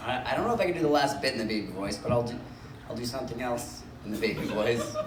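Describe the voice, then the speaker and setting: A man's voice: mid-range voice, fast, over a noisy crowd. A man hosting a stand-up comedy show, self-deprecating and laughing between lines, recorded in a club. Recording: echoey club from a distance, audience.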